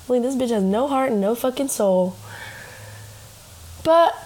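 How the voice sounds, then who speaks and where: A woman's voice: a little high, fairly quick, mellow, poor audio. A young American woman hosting a casual podcast, giggly and swearing freely. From United States. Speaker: podcast host. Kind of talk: casual chat.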